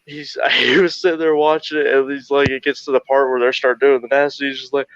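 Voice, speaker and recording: A man, an army veteran, telling a deployment story in an animated, laughing way and swearing freely. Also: mid-range voice, a little fast, clean tone, no echo. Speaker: podcast guest, army veteran. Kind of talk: casual storytelling. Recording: dull lo-fi dry audio.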